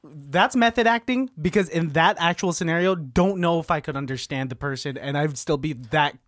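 A man's voice: on the high side, moderate pace, a bit bright, no room sound, clean studio sound. A man co-hosting a podcast in casual chat, joking, laughing often and swearing freely. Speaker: podcast co-host.

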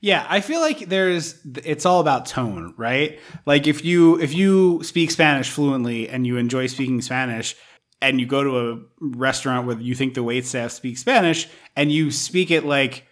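A man's voice: medium pitch, animated, moderate pace. A man co-hosting a podcast, chatting casually about movies in a rambling way, often acting out little scenes. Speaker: podcast co-host.

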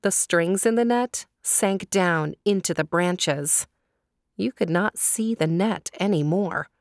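A woman reads a folk tale aloud for children, slow and deliberate, now and then turning to ask her listeners a question. Her voice sits on the lower side, and the recording is dry and close with no room sound. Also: no room sound. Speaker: storyteller. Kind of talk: children's story reading.

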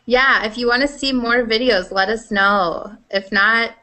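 A young woman co-hosting a casual gaming podcast, chatty and quick to laugh. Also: fairly high pitch, sharp tone. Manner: chatty, laughs often, lots of "like". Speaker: podcast co-host. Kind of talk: casual chat.

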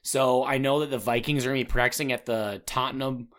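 A man's voice: medium pitch, steady tone, fast, a bit bright. A man hosting a casual sports podcast, rambling and repeating words as he talks. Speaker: podcast host.

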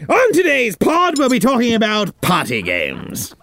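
A man's voice: very high voice, wildly swooping pitch, a little slow, gravelly, fairly bright tone, a little hiss or hum, exaggerated voice. A man playing a pompous, bossy lord. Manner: pompous, snapping, impatient. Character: pompous upper-class English lord, bossy. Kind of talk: comedy sketch acting.

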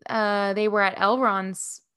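A woman's voice: medium pitch, little pitch movement, slow, pushed and bright, clean tone, no echo, studio quality. A woman co-hosting a podcast in casual chat, rambling and giggly with lots of fillers. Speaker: podcast co-host.

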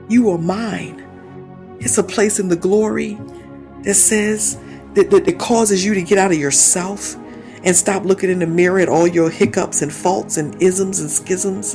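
Woman, 50s, preacher; mid-pitched, conversational sermon with tongues, soft music behind. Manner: lively storytelling with laughs and asides; breaks into speaking in tongues.

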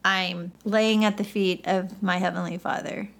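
A woman guest on a faith podcast, candidly telling her story with lively, acted-out quotes. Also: lowish voice, unhurried, vocal fry, a little hiss or hum. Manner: animated storytelling, acts out quoted voices.

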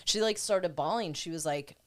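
A woman's voice: on the low side, moderate pace. A woman in casual podcast chat, talking candidly and earnestly about self-growth, swearing freely.

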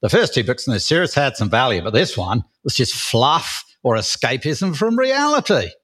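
English man doing a jokey Australian voice, gruff drawl, raspy edge. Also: mid-range voice, very animated, moderate pace, fairly bright tone. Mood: mocking. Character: mocking Australian man reading a review.

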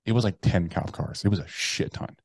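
A man, a podcast guest, telling a personal story bluntly and profanely, with halting restarts. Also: sits low, darkish tone, slightly rough, no room sound. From United States. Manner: blunt and profane, with slangy address.

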